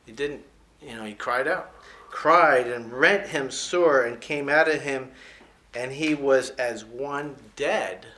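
A man preaching a sermon, reading scripture aloud in a slow, emphatic way and adding folksy, joking comments between the verses. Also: medium pitch, sharp tone. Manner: slows down and stresses key scripture words.

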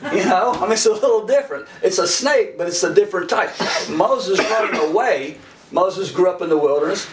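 A man's voice: sits high, expressive, moderate pace, crowd noise. A middle-aged man preaching a sermon in a folksy, humorous way, chuckling often and acting out the characters he quotes. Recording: echoey room from far off with faint noise.

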